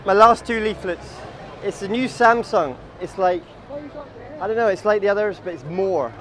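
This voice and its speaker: High-voiced man telling rambling street comedy. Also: normal speed, fairly bright tone, some chatter behind. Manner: chatty, absurd asides, addresses the group as guys. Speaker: comic tour guide. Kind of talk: rambling comic storytelling to a walking group. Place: outdoors on a busy city street.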